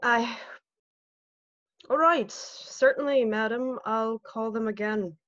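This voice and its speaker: Une femme qui joue une standardiste polie et troublée. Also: female voice, on the high side, slow pace, a bit bright, dull audio. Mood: flustered. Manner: hesitant, stammering, formal. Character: flustered, polite female telephone operator.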